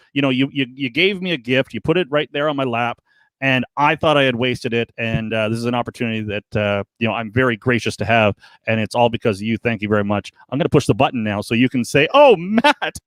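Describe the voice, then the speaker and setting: A man chatting casually on a live stream as a podcast co-host, rambling and earnest, animated when he tells a story. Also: medium pitch, fast, no room sound.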